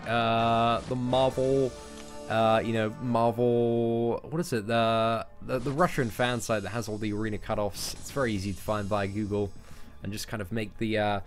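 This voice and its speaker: A young man with an English accent, chatting casually on a live stream and answering viewers' questions off the cuff. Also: on the low side. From England. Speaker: gaming streamer.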